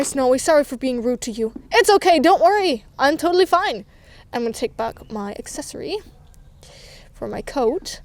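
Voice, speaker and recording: A woman tells a doll story aloud, voicing every toy herself in a playful, animated way. Her voice sits very high and girlish, and her pitch swoops up and down as she switches between the characters. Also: slight background noise.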